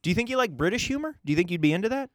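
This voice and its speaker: A man's voice: sits high, very animated, very fast, dry recording, studio quality. Exasperated straight-man podcast host, man. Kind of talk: casual comedic chat.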